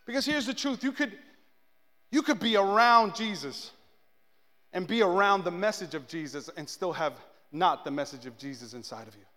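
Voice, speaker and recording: A man with a high-pitched voice and moderate pace gives a lighthearted, comedic sermon in a church sanctuary. He tells stories with animation and acts out people's quotes, all heard through a large hall's long echo.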